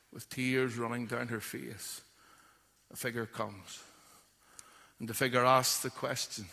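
A man preaches a sermon in a long-reverb hall. His voice is bright and forceful. He tells the story with drama and acts out what its people say. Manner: storytelling, acts out quoted voices with rising pitch.

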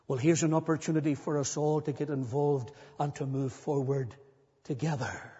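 A man preaches with an earnest, rising intensity, his voice pitched high and a little husky. The sound carries a long church reverb. The recording is dull and lo-fi. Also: fairly even intonation, moderate pace, warm tone. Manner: earnest, building to emphatic repetition. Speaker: pastor. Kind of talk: sermon.

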